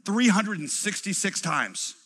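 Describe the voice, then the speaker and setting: Animated man preaching in a reverberant hall. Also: high voice, measured pace, slightly rough. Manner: animated, acts out quoted voices, drops to quiet emphasis. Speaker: pastor. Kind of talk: sermon.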